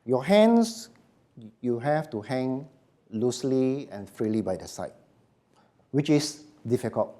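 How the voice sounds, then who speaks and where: A man giving a voice workshop to a live audience, speaking slowly and emphatically and letting his phrases drop quietly at the end. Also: medium pitch, animated. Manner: slow, emphatic, dropping to quiet endings. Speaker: voice coach.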